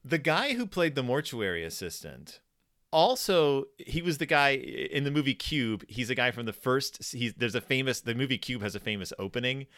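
A man talks in a casual podcast chat, his pitch swinging up and down as he rambles, laughs and restarts his sentences. His voice is bright and forward, recorded dry and close with no room sound. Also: lively intonation, moderate pace, no echo. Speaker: podcast co-host. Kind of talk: casual chat reviewing a horror episode.

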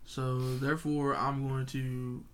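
A man's voice: mid-range voice, level tone, slow, fairly bright tone. A man in a casual podcast chat, blunt and dismissive.

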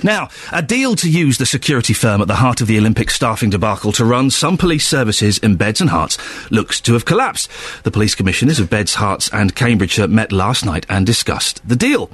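Lively husky radio presenter man. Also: lowish voice, fairly quick, no echo. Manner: lively, jokey, teasing. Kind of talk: local radio phone-in and news chat.

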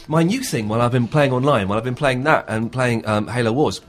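A man's voice: mid-range voice, fast talker, music in the background. A man with an English accent, chatting and joking about video games on a podcast, laughing often. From England. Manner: animated, jokey, laughs often while talking. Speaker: podcast co-host. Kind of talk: casual gaming podcast chat.

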